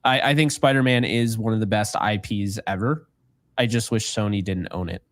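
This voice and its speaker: A man's voice: lowish voice, moderate pace, dry recording. A man co-hosting a casual podcast, joking and rambling, laughing often. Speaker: podcast co-host. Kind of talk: casual chat.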